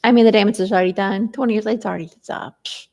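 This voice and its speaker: Woman, casual vlog, rambling, lots of fillers, gravelly, mid-pitched. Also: steady tone, rapid-fire, a little mellow. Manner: venting, hesitant with many fillers. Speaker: vlogger.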